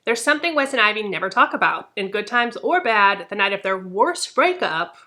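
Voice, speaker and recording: Bright-voiced woman chatting about books. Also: mid-range voice, big pitch swings, fairly quick. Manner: chatty, enthusiastic, laughs easily. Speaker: book channel host. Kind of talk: casual book chat, reading synopses aloud.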